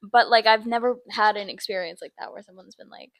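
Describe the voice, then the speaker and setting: A woman's voice: mid-range voice, brisk, dry recording, poor audio. A young woman co-hosting a podcast, playful and teasing in casual chat. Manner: playful, teasing, laughs often. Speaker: podcast co-host.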